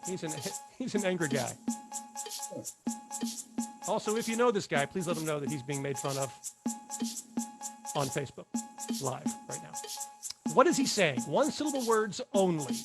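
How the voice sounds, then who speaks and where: A man's voice: a little high, big pitch swings, normal speed, gravelly, long pauses, over loud music. A man hosting a live online comedy game show over a video call, laughing often and reading audience jokes aloud.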